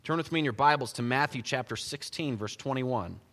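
A man preaching a sermon in a church, conversational and animated as he tells the Bible story. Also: medium pitch, brisk. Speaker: pastor. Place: church sanctuary. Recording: long church reverb.

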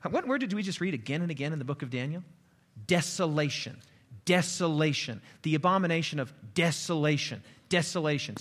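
A man preaching a sermon, reading scripture aloud with dramatic swings from loud declaiming to hushed, quiet asides. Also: fairly high pitch. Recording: long hall reverb.

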